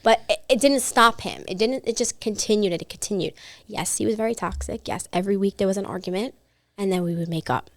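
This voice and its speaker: A woman co-hosting a podcast, telling a story in a casual, animated way with lots of filler words. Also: mid-range voice, fast talker, no echo. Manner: animated, chatty, many fillers. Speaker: podcast co-host.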